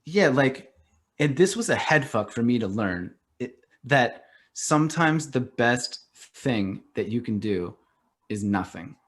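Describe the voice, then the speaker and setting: A middle-aged man talking as a podcast guest in casual conversation, animated and loose, leaning on "like" and acting out little quoted reactions. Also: medium pitch, takes it slowly. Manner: animated, acts out quoted reactions, heavy use of "like".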